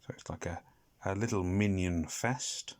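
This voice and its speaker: A British man with a low, darkish voice talks at a measured pace as he casually rambles through a mobile game. He hums, makes little sound effects, and pokes fun at his own mistakes like a gaming commentator.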